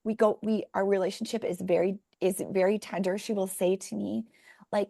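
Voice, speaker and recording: Dry-voiced middle-aged woman, animated storyteller. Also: mid-range voice, moderate pace, creaky, no room sound. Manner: animated storyteller, talks through examples. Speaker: podcast guest, parenting author. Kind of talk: conversational interview.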